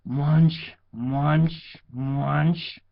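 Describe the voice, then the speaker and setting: A man voicing a flock of placid sheep in a storybook reading, chewing flatly. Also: fairly high pitch, drawn-out words, gravelly, exaggerated voice. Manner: flat chewing sounds. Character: dull grazing sheep, flat and unbothered. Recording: dull lo-fi recording.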